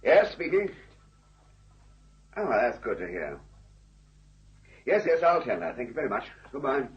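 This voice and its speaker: An actor playing a calm, methodical police captain with a measured, dry manner in a vintage radio drama. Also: male voice, medium pitch, a little hiss or hum. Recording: dull lo-fi old radio recording.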